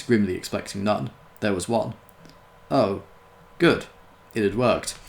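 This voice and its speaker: A man reading a novel aloud in an unhurried, dry manner, with small self-corrections. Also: on the low side, vocal fry, a little hiss or hum. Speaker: storyteller.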